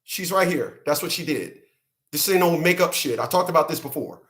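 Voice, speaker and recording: The New York–New Jersey channel host's voice is a little high, a bit bright, expressive and fairly quick. During his unscripted live-stream rant he swears, repeats himself, hammers his points and laughs a lot.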